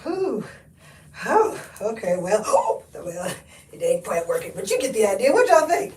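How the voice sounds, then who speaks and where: A woman's voice: medium pitch, very animated, a little slow, darkish tone, recorded from a distance. A woman hosting a live thrift try-on, chatting folksy with viewers, laughing and calling them honey and y'all. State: out of breath. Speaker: thrift haul livestream host. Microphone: camera mic, often stepping away from it. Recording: echoey room, voice often off-mic.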